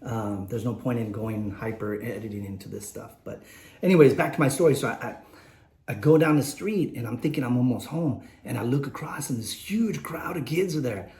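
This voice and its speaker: A man's voice: medium pitch, brisk, a little mellow, reverberant. A man in his late forties telling a personal story on his vlog, rambling and candid, with many fillers and restarts. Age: late 40s. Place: indoors, warm room.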